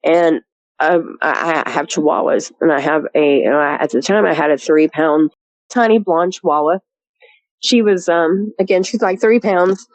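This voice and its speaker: A woman's voice: deep voice, moderate pace, dry recording, rough recording. A woman telling her story as a guest in a rambling, chatty way, full of "you know" and laughs. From rural area. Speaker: guest recounting a sighting. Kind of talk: casual storytelling.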